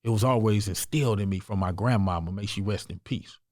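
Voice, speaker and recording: A man's voice: on the low side, a little fast, a little mellow, no room sound, clean studio sound. A man from the United States, a podcast guest, telling his own story in an earnest, emphatic, conversational way. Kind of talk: personal storytelling in an interview.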